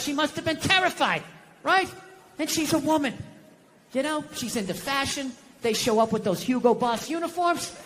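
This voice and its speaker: A middle-aged man doing a stand-up routine on stage, ranting with profanity and breaking into shouts. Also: very high-pitched. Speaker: stand-up comedian. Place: live comedy venue on stage. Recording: echoey hall, crowd laughter, noise. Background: audience laughter.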